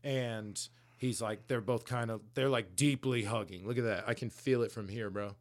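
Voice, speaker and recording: A man's voice: on the low side, moderate pace. A man co-hosting a podcast, casually retelling a story in loose, slangy language with frequent swearing. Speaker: podcast co-host. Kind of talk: casual chat recapping a story.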